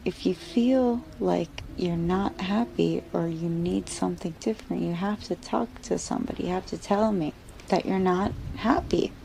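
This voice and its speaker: A woman voicing a concerned, gentle doctor, speaking in a soothing, coaxing way. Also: on the low side, moderate pace, creaky, a little hiss or hum, rough recording.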